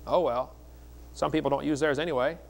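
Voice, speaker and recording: A middle-aged man preaches at a seminar, his voice slightly high for a man. He tells stories in a folksy, joking way and keeps the delivery lively. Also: a little fast, vocal fry. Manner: folksy, joking, animated storytelling. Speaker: evangelist speaker.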